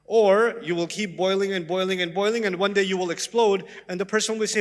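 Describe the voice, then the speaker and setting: A man preaching a sermon in an animated way, acting out little dialogues to make his points. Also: high-pitched, a little fast, long reverb tail. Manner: animated, acts out dialogues with voices. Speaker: Islamic preacher.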